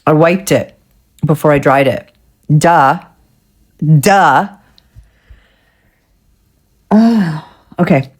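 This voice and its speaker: A woman's voice: low-pitched, very slow, pauses often, a little mellow, slightly rough. A woman vlogger chatting casually through a nail art tutorial, getting frustrated and swearing at herself.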